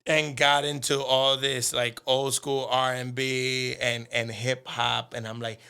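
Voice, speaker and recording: A man co-hosting a comedy podcast in casual chat, telling rambling, animated stories into a desktop mic. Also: mid-range voice, a little slow, vocal fry, clear, resonant tone. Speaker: podcast co-host.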